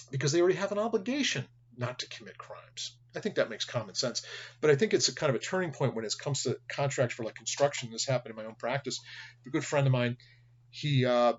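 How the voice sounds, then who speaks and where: A man's voice: mid-range voice, breathy edge, highs cut off. A middle-aged man, a college instructor giving a recorded lecture, telling stories and acting out the dialogue in them. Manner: storytelling with acted-out dialogue. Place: home or office webcam recording.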